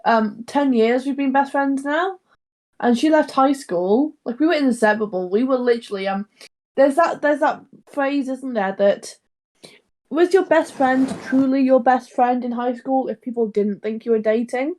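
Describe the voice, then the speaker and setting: Chatty Geordie woman, sore throat. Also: sits high. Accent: Geordie (Newcastle). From Newcastle, England. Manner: chatty, expressive, quick to laugh. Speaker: podcast co-host. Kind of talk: casual chat.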